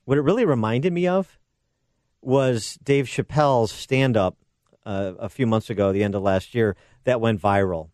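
A man's voice: mid-range voice, normal speed, darkish tone, no echo. A man hosting a political talk radio show, delivering sarcastic and combative commentary into a studio microphone.

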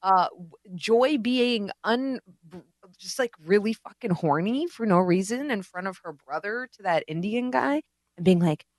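A woman co-hosting a podcast rants profanely and with exasperation in casual chat. Her mid-range voice has lively intonation and normal speed, recorded in clean studio sound with no room sound.

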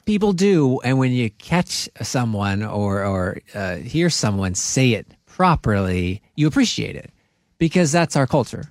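Lively man co-host, dry sound. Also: mid-range voice, unhurried, dry recording. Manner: argumentative, laughing. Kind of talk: casual chat.

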